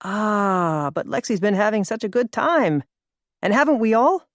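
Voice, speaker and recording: Woman doing a wealthy villain, smooth, falsely gracious, oily charm. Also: medium pitch, lively intonation, measured pace, dry recording, studio quality, voice pushed up, lightly acted. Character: smooth, menacing older rich man, villain.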